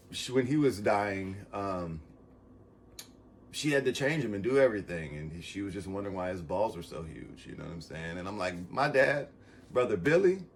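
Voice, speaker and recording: A man vlogging a casual motivational monologue, rambling and swearing, swinging from loud bursts to soft asides as he gets emotional and close to tears. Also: fairly low pitch, slight background noise.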